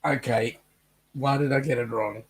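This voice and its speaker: A man's voice: mid-range voice, fairly even intonation, normal speed, husky. A man co-hosting a casual live chat show, reading viewer comments aloud and trading jokes.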